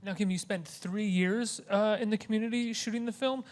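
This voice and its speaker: A man hosts an interview with filmmakers, his voice sitting a little high for a man. He asks long, winding questions and often stops to rephrase himself midway. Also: steady tone, normal speed. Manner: rambling, self-correcting questions. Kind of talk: interview conversation.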